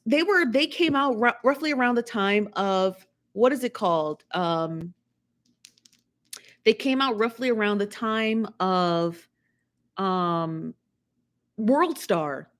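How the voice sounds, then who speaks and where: Woman hosting a live stream; casual, chatty, animated commentary with frequent repetition and laughter. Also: on the high side, slow. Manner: chatty, animated, repeats herself, laughs often. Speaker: live show host.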